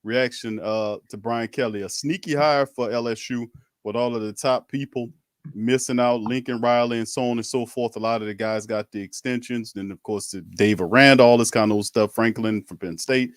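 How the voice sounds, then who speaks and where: A man's voice: medium pitch, steady tone, normal speed, no echo, studio quality. A man hosting a casual sports talk stream, laid-back, slangy and chuckling. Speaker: podcast host.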